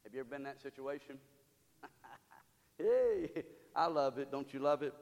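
A pastor preaching a sermon in a church, building from storytelling to loud call-and-response exhortation. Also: male voice, mid-range voice, expressive, moderate pace, big-room sound. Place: church sanctuary.

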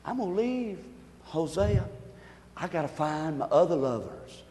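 A man preaching who acts out a restless, unhappy wife defiantly set on leaving to have fun, shouting at times, in an echoey hall. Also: on the high side, lively intonation, unhurried.

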